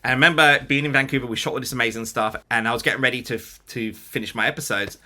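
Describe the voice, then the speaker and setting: A middle-aged man telling animated anecdotes as a guest, excitable and acting out other people's lines. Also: medium pitch, fast talker. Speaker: game developer and film producer guest.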